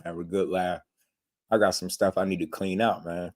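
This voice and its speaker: A man's voice: low-pitched, level tone, moderate pace, darkish tone. A man hosting a boxing channel in casual chat, talking in laid-back slang and laughing often.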